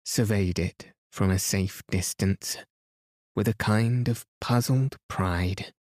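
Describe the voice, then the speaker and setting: A man reading a classic story aloud as a sleep podcast host, calm, soothing and measured. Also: on the low side, no echo, studio quality.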